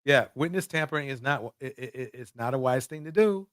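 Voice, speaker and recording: A man's voice: mid-range voice, animated, brisk, fairly bright tone, dry recording. Joking man hosting a live stream, dry sound. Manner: joking, mocking, laughs often. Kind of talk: casual commentary.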